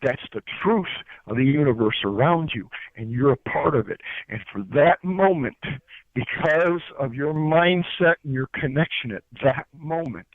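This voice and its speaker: Male guest, earnest spiritual lecturer, slightly high voice, tinny dry phone sound. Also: expressive, normal speed, no room sound. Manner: earnest, preachy, repeats words while searching for them. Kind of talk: spiritual teaching over a call-in chat. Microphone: phone line.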